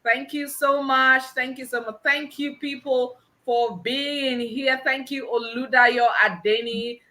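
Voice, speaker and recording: A woman hosts a live conference with exuberant energy, exclaiming and laughing often. Her voice is high and bright, and she takes her time between her words. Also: steady tone, takes it slowly. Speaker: conference host. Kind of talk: energetic live event hosting.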